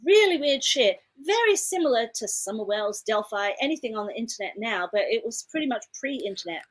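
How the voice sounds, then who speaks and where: A woman's voice: on the high side, expressive, fairly quick, low-quality recording. A woman from Detroit co-hosting a casual livestream chat, chatty and laughing often, with casual swearing. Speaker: co-host.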